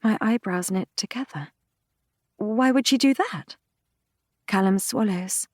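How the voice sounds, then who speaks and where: A woman narrating a fantasy romance audiobook in the first person, reading in a measured, intimate, unhurried way. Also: mid-range voice, no echo, clean studio sound. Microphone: close studio mic, dry.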